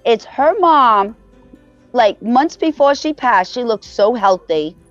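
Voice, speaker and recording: A woman's voice: fairly high pitch, lively intonation, takes it slowly, no room sound, lo-fi sound, soft background music. A woman calling in and telling a story in a chatty, rambling way, often laughing as she talks. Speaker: caller sharing a story. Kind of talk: casual storytelling.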